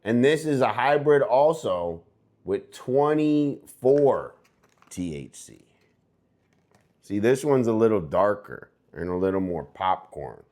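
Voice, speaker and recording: With a darkish, expressive voice on the low side, this young American livestream host talks slowly and rambles in a laid-back way. Every so often he slips into hyped, sing-song moments.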